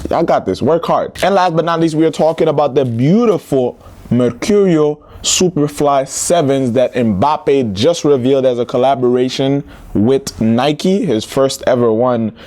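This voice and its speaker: A man's voice: mid-range voice, unhurried, a little mellow. A young man hosting football news, chatty and joking, with slangy asides. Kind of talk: casual football news commentary.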